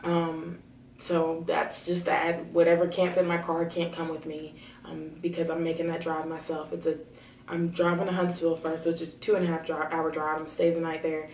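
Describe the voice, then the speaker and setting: A young woman telling a personal story to her camera at home, chatty with many fillers and excitement. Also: deep voice, moderate pace, slight background noise. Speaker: vlogger. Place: home room. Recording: roomy, slightly distant camera audio.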